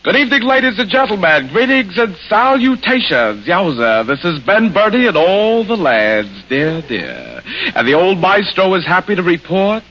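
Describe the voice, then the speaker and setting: A man's voice: sits high, big pitch swings, normal speed, exaggerated voice. A man impersonating a chummy male bandleader with jaunty catchphrase patter, on a dull old radio broadcast.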